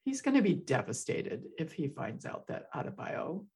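A woman co-hosting a casual podcast chat about a TV show, excitable and gushing. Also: sits low, moderate pace, a little hiss or hum. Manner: excitable, gushing, laughs often. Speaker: podcast co-host.

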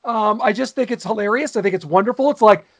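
Male co-host, high-pitched, enthusiastic and gushing, casual podcast chat. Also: fast. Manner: enthusiastic, gushing, frequent fillers. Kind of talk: casual chat reviewing an old sitcom.

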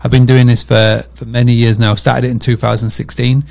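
A man with a Northern English accent, a podcast guest telling his story in relaxed chat with frequent fillers. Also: medium pitch, a little fast, creaky. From England. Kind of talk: casual interview chat.

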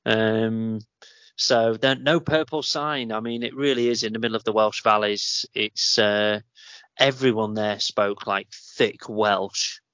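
A man's voice: on the low side, fairly even intonation, unhurried, fairly bright tone, clear, resonant tone, dry recording. A man with a Northern English accent hosting a podcast, telling a long, rambling story in casual chat. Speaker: podcast host. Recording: dull lo-fi sound.

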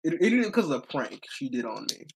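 A young man hosting a casual podcast, telling a story in an excitable, rambling way with frequent laughs. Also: on the high side, quick pace, creaky, a crowd in the background, low-quality recording. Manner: excitable, laughs often, rambling with many restarts. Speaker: podcast host.

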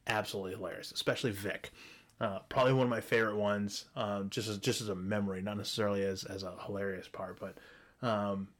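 A man's voice: lowish voice, level tone, quick pace, a bit bright. A man hosting a solo show, ranting bluntly and profanely, often restarting his sentences. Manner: frequent restarts and stumbles. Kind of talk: solo opinion rant.

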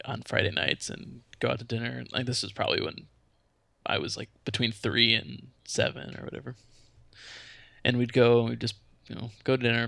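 A young man talking in a loose, rambling way, full of fillers. His voice has a gravelly fry to it. The sound is dry and close, with no room echo. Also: mid-range voice, fairly bright tone. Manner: laid-back, rambling, lots of fillers. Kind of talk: casual chat.

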